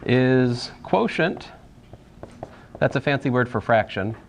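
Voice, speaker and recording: A man's voice: medium pitch, lively intonation, slow pace, vocal fry. Man, college math lecture, casual rambling delivery, stammering restarts, faint room hum. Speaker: math instructor. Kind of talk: classroom lecture. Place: college classroom.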